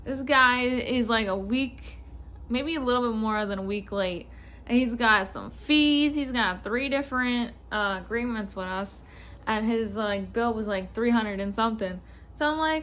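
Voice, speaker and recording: High, bright-voiced young woman ranting. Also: a little slow. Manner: swearing, animated, acts out callers. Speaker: vlogger. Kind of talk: casual storytime rant.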